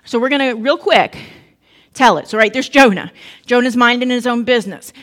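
Slightly high-voiced woman pastor preaching. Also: brisk, fairly bright tone. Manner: casual storytelling with asides and humor. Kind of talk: sermon.

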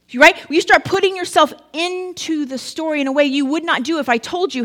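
A woman's voice: sits high, a little fast, hardly any pauses, a bit bright. A woman pastor giving a casual, story-driven sermon with humorous asides.

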